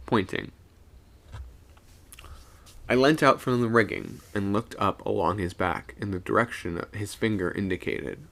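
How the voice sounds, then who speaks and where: A man reading a spooky sea story aloud on a live stream, animated, with small stumbles and self-corrections. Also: fairly low pitch, unhurried.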